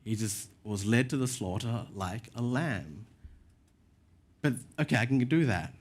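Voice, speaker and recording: Male pastor, mid-pitch, chatty sermon storyteller, pokes fun at himself. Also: animated, unhurried. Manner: casual storytelling with self-deprecating asides. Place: church.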